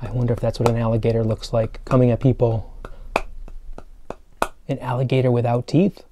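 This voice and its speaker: A man teaching preschool children remotely, explaining step by step in a gentle, playful way. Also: mid-range voice, little pitch movement, brisk, background noise. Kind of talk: remote lesson for young children.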